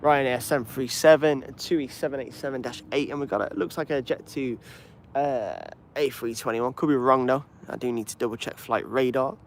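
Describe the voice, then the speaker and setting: A man's voice: medium pitch, fairly even intonation, normal speed, slight background noise. Easygoing Birmingham-accented man. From England. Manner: chatty and easygoing, reading and answering chat. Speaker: plane-spotting livestream host. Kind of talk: casual live commentary, chatting with viewers.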